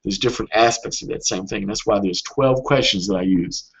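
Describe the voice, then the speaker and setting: A man coaching on a webinar in a casual, earnest way, often pausing with fillers and restarting his sentences. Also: lowish voice, vocal fry, a bit bright, breathy edge, muffled recording.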